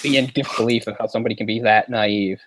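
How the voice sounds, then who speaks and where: A man's voice: on the low side, fairly even intonation, fast, background noise. A man in casual podcast chat, rambling with many fillers and sounding exasperated. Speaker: podcast co-host.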